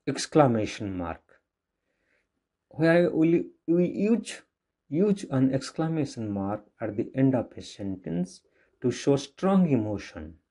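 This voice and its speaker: A man with an Indian English accent teaching a grammar lesson to children, explaining slowly and repeating himself. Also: medium pitch, big pitch swings, warm tone. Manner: slow, repetitive explaining with restarts.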